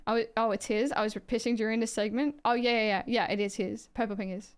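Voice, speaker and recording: An Australian woman on a live stream talks in a loose, rambling way. She reacts to her chat and swears without a second thought. Her voice is smooth and clear and sits a little high. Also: steady tone, quick pace.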